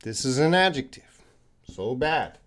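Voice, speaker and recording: Canadian-accented male English teacher, unhurried live Q&A delivery, mid-range voice, patient and chatty. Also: mid-range voice, animated. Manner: patient, chatty, explains slowly with repeated examples.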